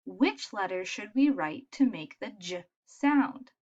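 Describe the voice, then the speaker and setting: A woman teaching young children letter sounds in a patient, encouraging way, modelling each sound clearly. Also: mid-range voice, expressive, takes it slowly, darkish tone, lo-fi sound. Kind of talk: phonics lesson for young children.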